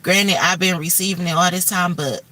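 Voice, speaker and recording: A woman's voice: on the low side, fairly even intonation, normal speed, sharp tone, recorded from a distance. A woman hosting a livestream, talking candidly and emphatically about faith and stress and swearing freely. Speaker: livestream host.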